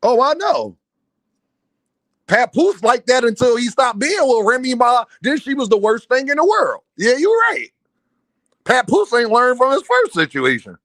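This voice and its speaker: High-voiced man trash-talking on a stream. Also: big pitch swings, unhurried, fairly bright tone, no echo. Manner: teasing, trash-talking, laughing often. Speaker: livestream host. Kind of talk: casual livestream banter.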